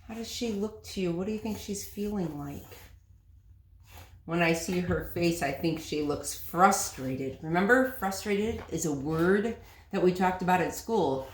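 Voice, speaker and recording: A woman teacher reading a picture book aloud to children, gently asking questions and explaining words. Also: fairly low pitch, a little slow, roomy sound, a little hiss or hum.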